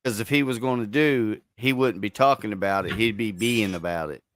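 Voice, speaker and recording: A man's voice: lowish voice, a little fast, fairly bright tone. A man co-hosting a live stream in laid-back casual chat, often agreeing and chuckling along. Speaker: stream co-host.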